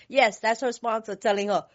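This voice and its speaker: A woman from California sharing her story at a recovery meeting, blunt, animated and laughing, with streetwise talk. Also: a little high. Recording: dull lo-fi recording.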